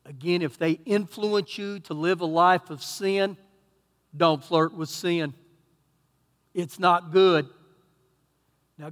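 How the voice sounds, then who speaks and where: Texan male pastor, high-pitched, loud-to-quiet preaching, church reverb. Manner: preaching with swings from loud emphatic bursts to quiet asides. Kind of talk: sermon. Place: church sanctuary.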